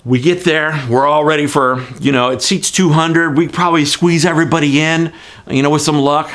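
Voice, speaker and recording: A middle-aged man, a pastor telling a personal story in a folksy, animated way with frequent restarts. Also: fairly high pitch, normal speed. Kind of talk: devotional storytelling.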